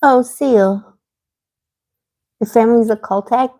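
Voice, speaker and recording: On her tarot livestream, a woman with a higher, warm-toned voice speaks slowly while casually answering viewers. She tends to ramble and becomes heated as she vents.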